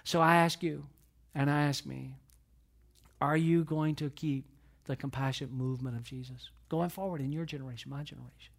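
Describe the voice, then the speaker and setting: A man with a fairly high voice preaches to his congregation. He tells stories with lots of repeated, restarted phrases. His delivery swings from loud emphasis to soft, almost whispered lines. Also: steady tone, moderate pace, creaky. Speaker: pastor. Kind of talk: sermon.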